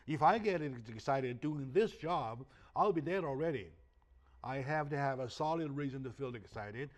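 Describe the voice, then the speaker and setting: A man's voice: mid-range voice, animated, moderate pace. Host role: man, Chinese native speaker, punchy rhetorical delivery, keeps asking "right?". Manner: emphatic, asks rhetorical questions, frequent "right?". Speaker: talk show host. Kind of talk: animated interview talk.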